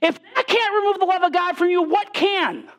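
A woman delivers a sermon in a fairly high voice. She speaks earnestly and keeps returning to rhetorical questions aimed at her listeners. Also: normal speed. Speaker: preacher.

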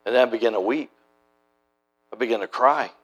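A middle-aged preacher and church planter talks fairly quickly in a medium-pitched voice on a lo-fi recording. His sermon storytelling is homespun and conversational, full of restarts.

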